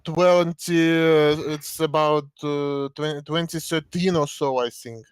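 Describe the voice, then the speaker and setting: Casting: male co-host, high voice, halting deadpan talk, dry close mic. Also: clean tone, dry recording. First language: Russian. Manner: halting, many fillers and restarts, deadpan jokes. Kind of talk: casual chat.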